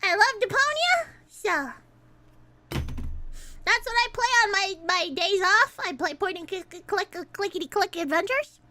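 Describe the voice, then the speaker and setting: A young woman streamer chatting casually, excitable and swearing, ranting and laughing a lot. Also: extremely high pitch, unhurried, slight background noise.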